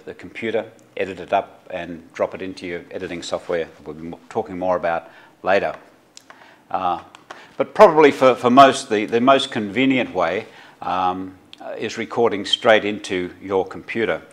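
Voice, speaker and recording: A man's voice: sits low, fairly bright tone. A middle-aged Australian man, a journalism lecturer, giving an unscripted tutorial with many fillers and restarts. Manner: halting, many fillers and restarts, practical instructions.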